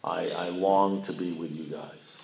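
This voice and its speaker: A man's voice: low-pitched, steady tone, measured pace, vocal fry, darkish tone, a little hiss or hum. An older man, a blunt and rambling storyteller, telling his story at a recovery meeting with self-mocking humor. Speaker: AA speaker. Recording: echoey room.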